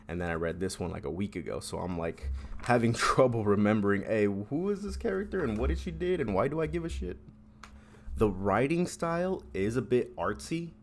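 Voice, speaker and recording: A man's voice: low-pitched, a little hiss or hum. A man casually reviewing a book on his channel, rambling with frequent restarts and filler words.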